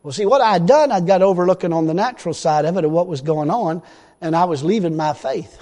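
High-voiced preacher in a hall. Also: male voice, fast. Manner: folksy, emphatic, rising to loud declarations. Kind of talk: sermon. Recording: long hall reverb.

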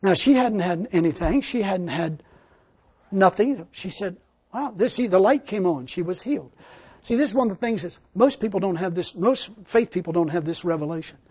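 Husky-voiced folksy preacher man. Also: sits high, lively intonation, moderate pace, darkish tone. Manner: folksy, emphatic, colloquial grammar. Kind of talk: sermon. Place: church service.

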